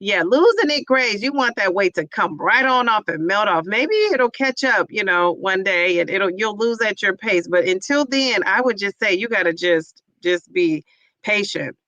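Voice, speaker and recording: A woman hosts a casual livestream, reading her viewers' chat and answering their comments with effusive cheer, rambling along with plenty of fillers. Her medium-pitched voice is bright and forceful, with lively intonation and a moderate pace. The recording is dry but muffled.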